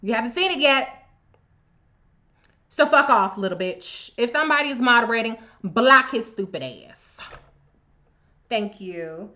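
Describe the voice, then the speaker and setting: High, bright-voiced fiery woman streamer. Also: lively intonation, unhurried, pauses often. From United States. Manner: profane, confrontational, emphatic; addresses commenters directly. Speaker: livestream host. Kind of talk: heated political commentary.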